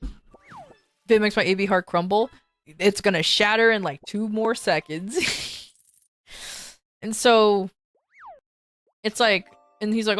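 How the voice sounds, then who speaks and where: A woman's voice: mid-range voice, a little slow, long pauses, smooth, faint music behind. A woman streamer casually telling a long personal story, rambling with frequent restarts and voicing the people she quotes. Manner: animated when quoting others.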